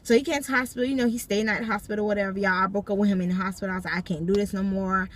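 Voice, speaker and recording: A woman's voice: medium pitch, fairly even intonation, rapid-fire, a little hiss or hum. A young adult woman vlogger recounting a personal story from a parked car, talking emphatically and turning to her viewers again and again. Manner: emphatic, keeps addressing viewers directly. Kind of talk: storytime vlog.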